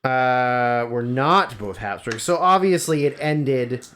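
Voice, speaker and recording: A man's voice: medium pitch, slow pace, fairly bright tone, clear, resonant tone. A man in the middle of his range, chatting casually as a podcast co-host. He teases bluntly and sounds mock-exasperated at his friend. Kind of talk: casual chat.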